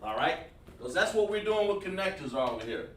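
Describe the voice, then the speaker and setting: A man's voice: a little high, very animated, a little fast, slight background noise. A man teaching an online lesson, coaxing students with repeated questions. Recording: echoey room, far from mic.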